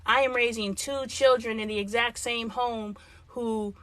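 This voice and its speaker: A middle-aged livestream host chats casually through viewers' comments, frank and thinking aloud, in a dry recording. Her voice is a little high and fairly bright, with fairly even intonation and a measured pace.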